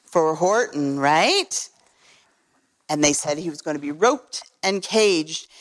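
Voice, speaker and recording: A woman reading a picture book aloud to children, animated and asking them questions. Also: sits low, takes it slowly. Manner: animated, asks the listeners questions.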